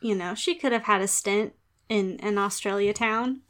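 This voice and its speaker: A woman's voice: medium pitch, normal speed, a bit bright. A woman hosting a podcast in casual chat, laughing often and rambling playfully. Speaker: podcast host.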